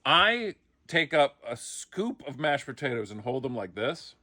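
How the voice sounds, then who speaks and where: A man's voice: mid-range voice, moderate pace, fairly bright tone, no room sound, studio quality. A middle-aged man casually telling a comic behind-the-scenes story, acting out the quotes. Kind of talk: casual anecdote.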